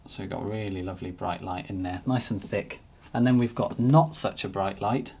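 A man narrating a painting demonstration as he works, relaxed and thinking aloud. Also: deep voice, moderate pace, gravelly. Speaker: painting teacher.

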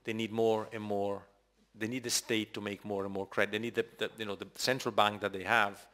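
Low-voiced man answering, hesitant. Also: little pitch movement, a little fast, a bit bright. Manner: hesitant, thinking aloud. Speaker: lecturer. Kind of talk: discussion answer.

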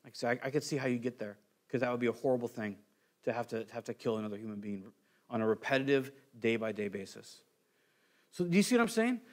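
A man's voice: medium pitch, lively intonation, fast. A male pastor preaching a conversational sermon, acting out quoted voices and restarting phrases often.

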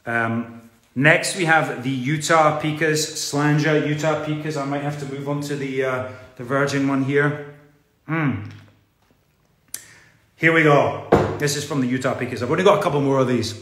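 A man's voice: mid-range voice, steady tone, moderate pace, pauses often, a bit bright. Playful man, roomy echo. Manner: playful, chatty, reads aloud with asides. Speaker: gala host. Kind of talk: reading out fan messages at an online gala.

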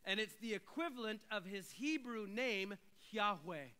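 A male pastor preaching a sermon, talking through scripture and building to loud, emphatic declarations. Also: sits high, lively intonation, unhurried, smooth, rough recording.

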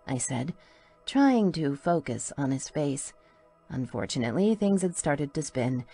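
Low-voiced woman narrating with wry humor. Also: big pitch swings, unhurried, mellow, husky, soft background music. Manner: wry, playful first-person storytelling. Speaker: audiobook narrator. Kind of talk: first-person audiobook narration.

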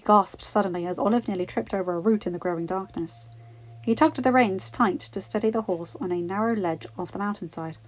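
A woman narrating a fanfiction story in an even, measured reading voice. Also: mid-range voice, no echo. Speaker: fanfiction reader. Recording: dull lo-fi, dry.

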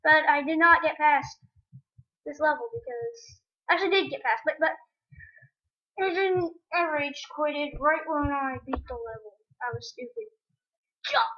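A woman giving excitable gaming commentary at her computer, talking to the game and her viewers. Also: sits high, unhurried, highs cut off. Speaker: let's play gamer. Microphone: webcam or computer mic.

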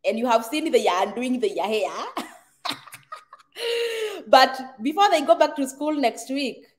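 A middle-aged Kenyan woman with a Kenyan accent and a slightly high voice hosts a relaxed live chat. She reads out viewer comments in a chatty way, laughing easily and slipping into Swahili phrases. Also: unhurried, a little hiss or hum. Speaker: livestream host reading viewer comments.

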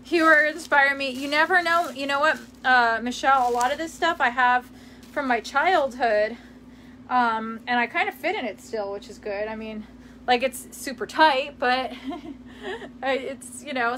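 A chatty young woman with a high, bright voice rambles to her viewers with frequent giggles. She talks casually from a room in her parents' house. There is a faint hum of room noise behind her. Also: unhurried, long pauses. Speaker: vlogger. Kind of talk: casual chat reading live comments.

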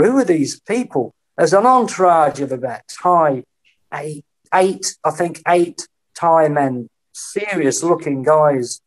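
A middle-aged man, a podcast guest telling lively anecdotes in casual conversation and acting out the voices he quotes. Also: on the high side. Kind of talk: storytelling in a casual interview.

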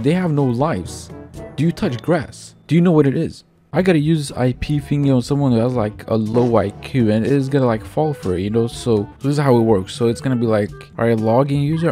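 A young man doing casual gameplay commentary, rambling and full of fillers, excitable and profane as he trash-talks other players. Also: mid-range voice. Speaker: gaming YouTuber.

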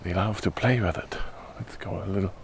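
A man filming a casual dog-training vlog outdoors, giving short firm commands between relaxed asides. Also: low voice, fairly quick, gravelly, a little hiss or hum.

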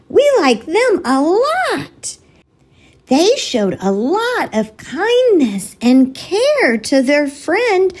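A woman's voice: high-pitched, a little mellow, full character voice. A woman voicing a cheerful puppet friend on a children's ministry show, friendly and earnest.

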